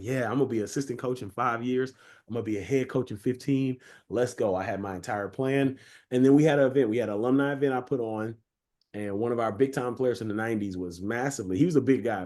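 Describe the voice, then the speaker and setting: Man, 30s, webinar presenter, quick casual storyteller who acts out quotes, mid-range voice. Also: mid-range voice, darkish tone. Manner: casual and self-mocking, addresses listeners directly.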